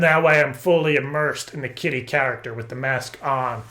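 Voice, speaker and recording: A man making a prank phone call, rambling and stammering through deadpan absurd stories. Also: medium pitch, a little fast, few pauses. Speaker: prank caller.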